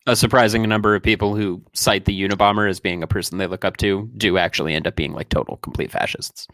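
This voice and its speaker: A man with a low, deep-set voice makes wry, quick jokes in casual podcast banter. His voice is close and dry, with no room sound around it. He keeps an easygoing conversational flow. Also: fairly even intonation, a bit bright, no echo. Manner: dry, quick-witted quips. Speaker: podcast co-host. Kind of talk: casual chat.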